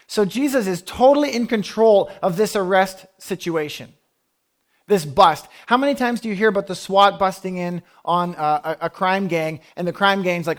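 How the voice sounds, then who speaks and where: A man's voice: high voice, animated, normal speed. A man preaching a sermon, telling the story emphatically and acting out the speakers he quotes. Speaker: pastor.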